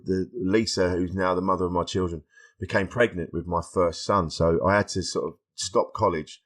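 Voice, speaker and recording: A middle-aged man, a stand-up comedian chatting candidly as a guest, telling stories in a lively, frank, self-deprecating way. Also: sits low. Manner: animated, acts out dialogue, frank and self-deprecating. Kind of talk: candid conversational storytelling.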